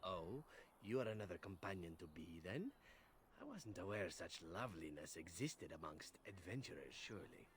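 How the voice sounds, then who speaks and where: An actor playing a charming, flirtatious male elf assassin in a video game, with a Spanish accent and a smooth, flattering delivery. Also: deep voice, normal speed, a little hiss or hum.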